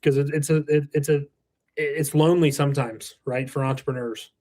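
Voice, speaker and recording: A man's voice: fairly high pitch, fairly even intonation, fairly quick, warm tone, no echo. Male guest, 30s, earnest storyteller, restarts often, dry sound. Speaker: guest, roofing business owner. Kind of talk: casual podcast chat.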